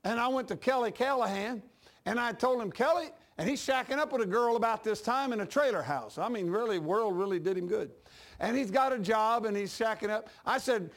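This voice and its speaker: Male pastor, high and lively voice, folksy preaching with acted-out dialogue. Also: normal speed. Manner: folksy storytelling preacher, acts out dialogue, laughs at his own jokes. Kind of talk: sermon.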